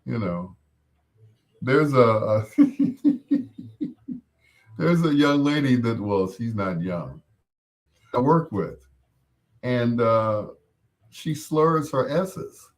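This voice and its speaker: A male radio host chatting on air in a studio, rambling between songs. His talk is slow and unhurried, at a middling pitch. He jokes around and keeps laughing at his own stories. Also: lively intonation. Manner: jokey, rambling, laughs often. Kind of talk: casual on-air chat.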